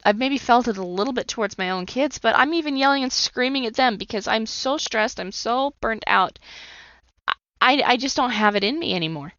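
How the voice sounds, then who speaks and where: On her own podcast, a trauma coach in her thirties gives a personal testimony, emotionally open and earnest. Her voice is a little high and a bit bright, with lively intonation and a fairly quick pace, recorded dry and slightly muffled with no echo.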